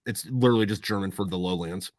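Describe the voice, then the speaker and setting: A man's voice: low voice, fast, no echo. Profane, rambling man on a dry mic. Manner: profane, rambling, animated storyteller. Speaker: podcast guest. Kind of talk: casual chat.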